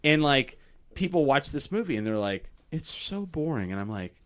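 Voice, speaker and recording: A man hosts a casual podcast chat in a smooth, medium-pitched voice, talking fairly quickly. His storytelling is profane and animated, full of swearing, and he acts out what people said.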